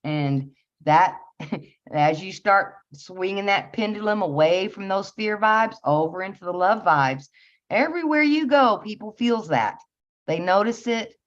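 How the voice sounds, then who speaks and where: An earnest woman talks through spiritual ideas in an easy, meandering way, often pausing on fillers and small laughs. Her voice sits at an ordinary middle pitch, and the audio is slightly dull and lo-fi. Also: lively intonation. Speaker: spiritual channel host. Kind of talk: casual spiritual talk.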